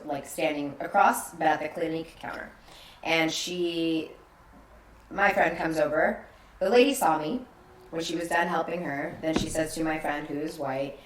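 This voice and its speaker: A woman's voice: low voice, echoey room, slight background noise, poor audio. A woman talking candidly as a podcast guest, telling personal stories animatedly and acting out the voices she quotes. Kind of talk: candid conversational storytelling.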